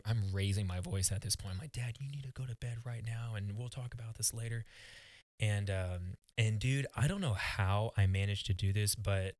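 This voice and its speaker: Man, low voice, dry close sound, earnest halting storytelling, podcast guest. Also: dry recording. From United States. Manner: earnest, halting, often restarting words. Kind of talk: personal storytelling in conversation.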